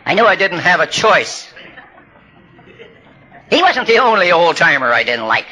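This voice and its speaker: An older man tells stories at a recovery workshop, his high, sharply bright voice carrying a husky edge. He talks bluntly with salty language and lets his lively delivery swing up and down as each tale builds to a punchline. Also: measured pace. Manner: humorous storyteller building to punchlines. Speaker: recovery meeting speaker. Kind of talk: storytelling talk at a recovery workshop.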